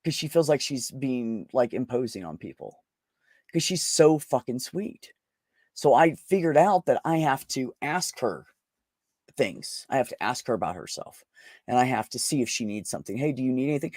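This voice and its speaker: Man, candid storytelling, swears a lot, very expressive pitch, dry close sound. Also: normal speed, no echo. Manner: blunt, profane, emotional. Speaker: podcast host.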